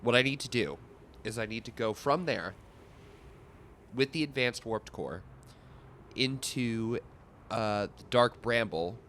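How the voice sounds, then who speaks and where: A man's voice: mid-range voice, slow, long pauses, fairly bright tone, a little hiss or hum. A young man casually talking through his gameplay, thinking aloud with lots of fillers. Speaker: gaming video host.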